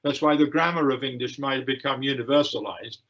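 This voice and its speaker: An older man giving a lecture and answering questions, with frequent fillers, pauses and restarts. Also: mid-range voice, a bit bright. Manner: hesitant, many fillers and restarts. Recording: dull lo-fi livestream audio.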